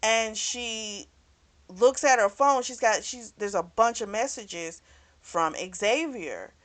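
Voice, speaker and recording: A woman's voice: fairly high pitch, slow pace, a bit bright. Chatty woman recapping a book. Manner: chatty, many fillers like "you know"; acts out characters' lines in a raised voice. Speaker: book reviewer. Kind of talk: casual book review, retelling the plot.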